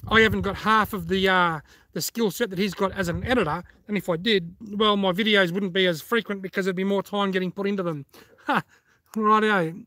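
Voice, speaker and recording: A chatty Australian man with a fairly high voice, recorded dry and close with no room sound. He is middle-aged and talks casually on a live stream, reading out comments and chuckling at his own jokes. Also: steady tone, a little fast, bright, forceful tone, no room sound. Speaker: fishing channel host.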